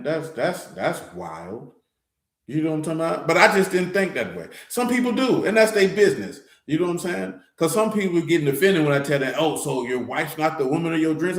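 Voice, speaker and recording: A man's voice: fairly high pitch, roomy sound. A man giving a loose, blunt, streetwise scripture teaching. He talks conversationally and keeps asking "you know what I'm saying". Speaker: teacher of a scripture study assembly.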